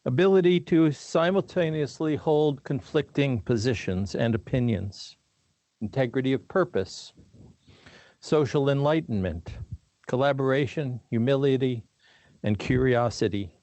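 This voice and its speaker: Measured older man giving a commencement address. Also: medium pitch, dark tone, no echo. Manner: measured, deliberate, with dry humor. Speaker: commencement speaker.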